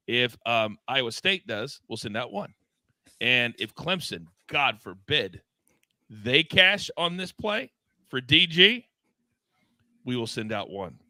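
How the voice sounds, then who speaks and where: A man's voice: mid-range voice, bright, forceful tone, no echo. A man hosting a live sports betting show, bantering with his co-hosts and reading the chat. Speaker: show host.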